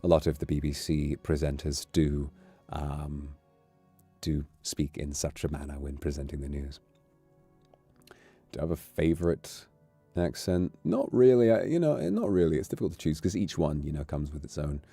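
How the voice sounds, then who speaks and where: Deep, lively British guy. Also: normal speed, slightly rough, soft background music. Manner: rambling, amused, swears casually. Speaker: streamer. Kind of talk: casual livestream chat.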